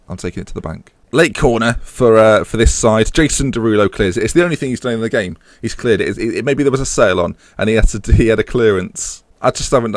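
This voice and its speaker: A man's voice: on the low side, no room sound. A man commentating on his own football management game, mixing match calls with rambling jokes and asides. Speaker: gaming channel host.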